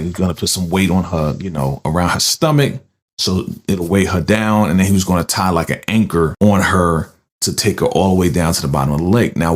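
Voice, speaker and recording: Man, lowish voice, casual movie recap host, animated storyteller, keeps checking in with the listener. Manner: animated storytelling, frequent "right?" tag questions.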